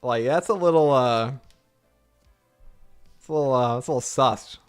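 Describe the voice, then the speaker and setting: A man's voice: mid-range voice, moderate pace, clean tone, faint music behind. A young man streaming his reactions, swearing often, laughing in disbelief and stumbling through slangy restarts.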